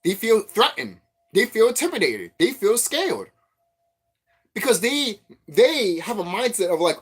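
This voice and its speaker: A man vlogging as a spiritual commentator, telling stories in a rambling, profane, animated way. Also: high voice, measured pace, breathy edge. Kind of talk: rambling casual monologue.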